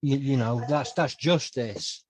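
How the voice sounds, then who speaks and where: A man's voice: medium pitch, slow, no echo. Hesitant man, dry close sound. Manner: hesitant, many fillers and restarts. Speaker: interviewer, author and poet. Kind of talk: casual conversational interview.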